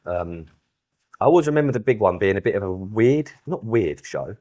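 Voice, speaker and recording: Bloke in his thirties, very low voice, casual podcast co-host who tells anecdotes with gusto. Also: moderate pace. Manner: animated storyteller who acts out quoted exchanges. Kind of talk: casual chat.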